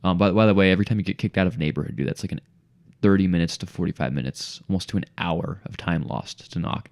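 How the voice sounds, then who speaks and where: A young man, a podcast guest, telling a story in a casual, animated way and saying "dude" a lot. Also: low-pitched, fast talker, creaky.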